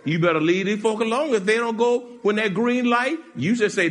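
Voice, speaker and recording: A man preaching a sermon in a lively, animated style. He swings from shouts to near-whispers, laughs often, and his has a sound. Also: high-pitched, fairly quick. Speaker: pastor.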